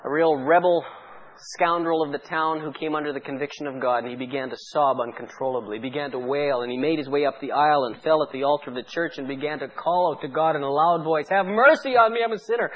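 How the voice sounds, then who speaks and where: A man with a high voice delivers a sermon, pleading with his listeners and pressing them with rhetorical questions. The sound is dull and lo-fi, like an old radio broadcast. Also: fairly even intonation, fast. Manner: fervent, pleading preaching with many rhetorical questions. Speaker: pastor.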